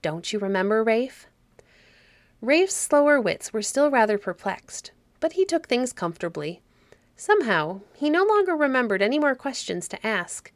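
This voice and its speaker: A woman narrating a fairy story audiobook in a calm, measured way. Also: high voice, no echo. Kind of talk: reading a fairy story aloud.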